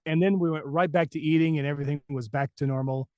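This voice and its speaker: A man who works as a voice actor, telling a story as a podcast guest in a lively, casual way and acting out the people he quotes. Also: fairly high pitch, quick pace, no echo. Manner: animated, acts out the people he quotes.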